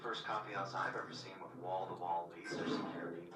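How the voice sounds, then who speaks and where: A man voicing a cool, calm master thief. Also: sits low, a little fast, far from the mic, heavy background noise, natural voice. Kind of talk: video game cutscene acting. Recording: game audio played from speakers in an echoey room, loud music.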